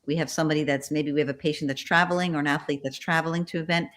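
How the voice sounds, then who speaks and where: A woman's voice: deep voice, steady tone, racing, a bit bright. Upbeat woman coaxing a video call. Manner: upbeat, coaxing the audience to join in. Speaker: quiz presenter. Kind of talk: casual virtual party quiz.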